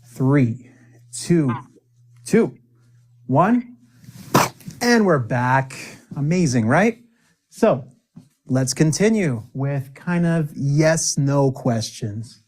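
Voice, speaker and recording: A man teaching an English lesson, upbeat and encouraging, saying example phrases slowly and clearly for learners to repeat. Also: on the high side, animated, darkish tone.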